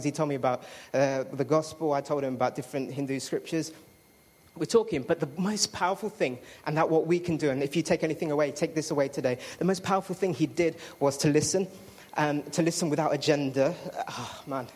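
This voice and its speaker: Speaking with a slightly high, darkish voice, a man gives a personal testimony to a congregation. His chatty storytelling is full of fillers and restarts, and he interrupts himself with apologies.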